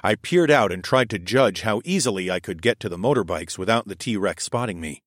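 A young adult man narrating a first-person adventure story in a steady storytelling voice. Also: a little fast, dry recording, studio quality. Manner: steady storytelling, voicing his own lines louder and higher.

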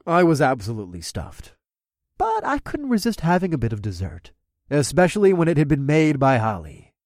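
Lively male audiobook narrator. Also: on the high side, normal speed, no room sound, studio quality. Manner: expressive, lively reading. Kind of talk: first-person fantasy audiobook narration.

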